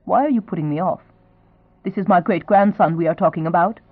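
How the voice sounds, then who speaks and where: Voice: medium pitch, a little fast, no room sound, lightly acted. A reader voicing a genteel elderly duchess who stays pleasant but insistent, in a romance audiobook. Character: elderly duchess grandmother, gracious, persistent. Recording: dry, thin phone-like sound.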